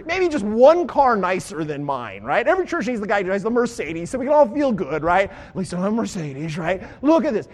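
A man preaching a sermon in a conversational, animated way, acting out the voices of the people he quotes. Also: high-pitched. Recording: long hall reverb.

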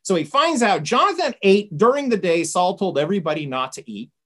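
A woman's voice: mid-range voice, very animated, brisk, fairly bright tone. A woman giving an informal lecture, retelling a story conversationally and often checking in with "right?".

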